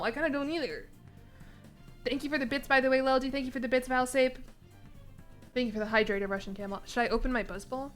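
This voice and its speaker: A young woman with a slightly high voice talks casually to her stream chat from her apartment. She is chatty and laughs often, and she drops casual swears as she goes. Faint music plays behind her. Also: pushed and bright. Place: home apartment.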